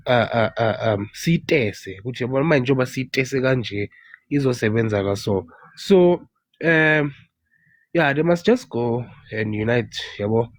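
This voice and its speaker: A South African man speaking haltingly in an online discussion, with many fillers and some isiZulu. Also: medium pitch, no echo. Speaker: discussion participant.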